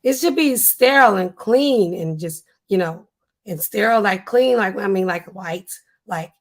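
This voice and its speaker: A woman's voice: medium pitch, animated, moderate pace. American woman, livestream host, chatty, talks straight to viewers, casual. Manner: chatty, addresses viewers directly.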